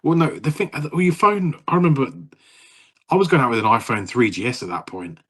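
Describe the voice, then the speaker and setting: A man in his thirties with a husky, slightly breathy voice, co-hosting a casual podcast chat. He rambles from story to story, laughs easily and swears freely. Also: mid-range voice, brisk. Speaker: podcast co-host.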